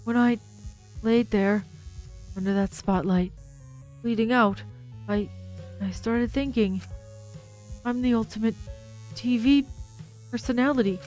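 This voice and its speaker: A woman's voice: a little high, slow pace, pauses often, a little mellow, faint music behind, rough recording. A woman reading as a goofy teen boy TV star. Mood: apologetic. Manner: overly formal, goofy. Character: showy teenage boy TV personality, silly.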